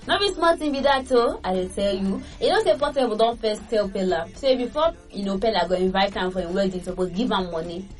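A woman with a Nigerian Pidgin accent hosting a casual entertainment gossip show, lively and chatty, laughing between points. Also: on the high side. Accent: Nigerian Pidgin English. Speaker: entertainment news host. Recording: distant mic with faint music.

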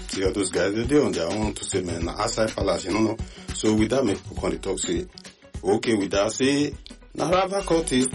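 A man with a Nigerian accent hosting a radio talk show in animated, chatty Pidgin-laced English. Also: fairly low pitch. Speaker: radio host. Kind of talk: casual chat.

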